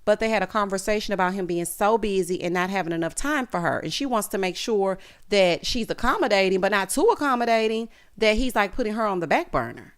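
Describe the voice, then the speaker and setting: A woman in her thirties giving a sassy, animated recap of a reality show, calling her viewers honey and child. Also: mid-range voice, fast talker, few pauses, clear, resonant tone. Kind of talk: casual recap commentary.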